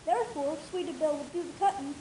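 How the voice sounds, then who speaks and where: A woman's voice: fast talker, dark tone, close to an everyday voice. A woman doing a scheming filly pony. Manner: high girlish voice, commanding and sinister. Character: young farm filly pony, scheming and menacing. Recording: distant echoey noisy home recording.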